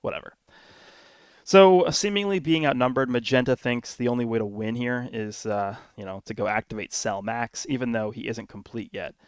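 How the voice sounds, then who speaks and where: A man's voice: medium pitch, normal speed, clear, resonant tone, no echo. A man casually recapping a film plot for his channel, rambling with lots of fillers, restarts and little chuckles. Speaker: YouTube anime commentator.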